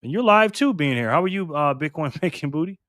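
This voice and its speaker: A man's voice: a little high, big pitch swings, a little fast, a bit bright, dry recording, clean studio sound. A man from Rochester, New York, hosting a live stream and chatting casually with viewers, greeting them by name as he reads their comments aloud. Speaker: livestream host.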